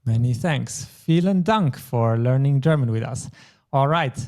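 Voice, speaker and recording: A man's voice: mid-range voice, lively intonation, measured pace, a little mellow. A man teaching a German lesson, explaining grammar patiently step by step. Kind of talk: language lesson.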